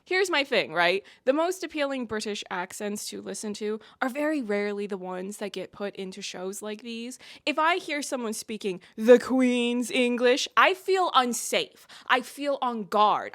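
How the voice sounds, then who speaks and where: A woman's voice: medium pitch, fairly bright tone. A woman vlogger giving casual, opinionated and playful commentary on a TV show.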